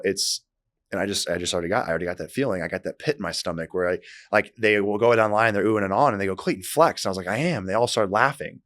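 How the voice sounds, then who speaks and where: Male podcast host with a low, dry voice. Animated, rambling storyteller. Close-miked and casual. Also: no echo. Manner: animated storyteller, many fillers.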